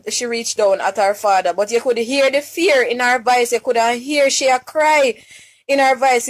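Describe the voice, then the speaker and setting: A Jamaican woman speaks on a live stream with a fairly high voice, upset and pleading. She halts often, repeating words and restarting her sentences as she appeals for help. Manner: distressed, halting, many restarts and repeated words. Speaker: mother making a public appeal.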